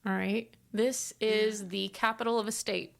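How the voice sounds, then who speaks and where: A woman's voice: mid-range voice, fairly even intonation, a little slow, vocal fry. A woman co-hosting a casual podcast, reading out trivia clues and joking and swearing as she goes.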